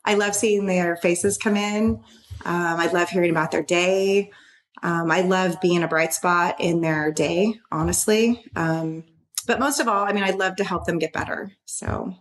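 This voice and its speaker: Upbeat female fitness coach, lower voice. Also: steady tone, a little slow. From Washington state. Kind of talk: casual interview chat. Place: office.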